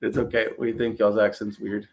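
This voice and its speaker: Man, American, host, casual live chat, easygoing, rambling, slightly low voice. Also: steady tone, normal speed, a crowd in the background. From United States. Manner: easygoing, rambling, laughs often.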